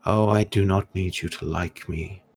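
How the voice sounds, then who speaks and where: A man voicing a scheming figure who speaks into a hero's mind, smug, patronizing and softly menacing. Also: low voice, fairly even intonation, normal speed, vocal fry.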